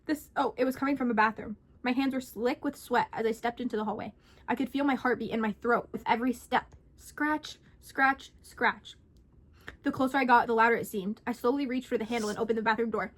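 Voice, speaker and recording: A young woman reads a scary story aloud for her vlog. Her voice sits high, and she leans into the drama of each line. Her delivery is animated and expressive. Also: fast. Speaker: vlogger.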